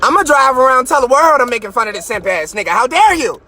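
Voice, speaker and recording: A man with a very high, bright, sharp voice rants loudly and mockingly as a podcast host. He talks from his car into a phone, boastful, his pitch shooting up when he gets worked up. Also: expressive, fast. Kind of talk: profane comedic rant.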